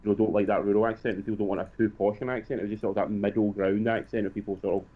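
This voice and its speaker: A man co-hosting a casual film review chat, talking quickly and repeating words as he restarts. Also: fairly low pitch, fairly even intonation. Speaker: podcast co-host. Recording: tinny phone-like line.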